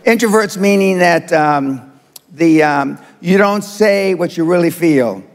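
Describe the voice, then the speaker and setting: A man's voice: on the high side, a little slow, in a large hall. A man in his seventies giving a blunt, provocative motivational speech to a live audience, with many hesitant fillers. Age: 70s. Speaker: motivational speaker.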